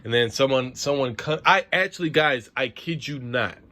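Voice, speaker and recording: This sports vlogger's rant is frustrated, profane and repetitive as he vents to camera. He speaks at normal speed in a bright, forceful, mid-range voice.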